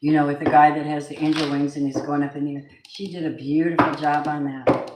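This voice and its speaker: A woman's voice: low-pitched, flat delivery, a little fast, reverberant, heavy background noise. A woman doing a live tarot reading, gushing over her viewers and swearing now and then. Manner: effusive, gushing address to viewers, occasional swearing. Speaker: tarot reader.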